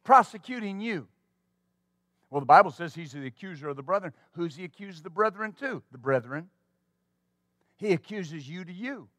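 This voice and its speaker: A man preaches with fervor, his voice pitched high for a man. The sound is dry and close, with no room around it. He drives his points home and throws quick asides to the congregation. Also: expressive, fairly bright tone, no room sound. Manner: fervent preaching with call-and-response asides. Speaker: pastor. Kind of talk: sermon.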